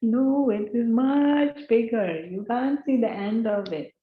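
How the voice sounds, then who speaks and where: An eager, friendly male ocean frog, as a woman puts him on, raised in pitch and coaxing, talks without hurry. The sound is roomy and a bit dull. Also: animated, measured pace. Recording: roomy, slightly dull recording.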